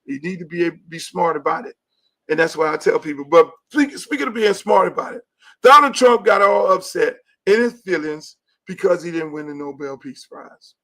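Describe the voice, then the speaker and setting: A man hosting a show, ranting about football with loud, profane, emphatic repetition. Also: fairly high pitch, animated, normal speed. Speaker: talk show host; high school football coach. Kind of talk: profane sports rant.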